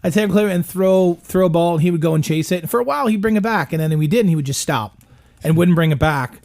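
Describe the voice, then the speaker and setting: A man's voice: on the high side, fast, darkish tone. A middle-aged man telling a long, rambling story in casual chat, swearing often. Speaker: podcast guest.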